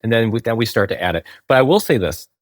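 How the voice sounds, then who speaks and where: A man's voice: mid-range voice, sing-song, fast, no echo. A man, a game company founder, explaining in a conversational interview, tagging points with "right?" and restarting sentences.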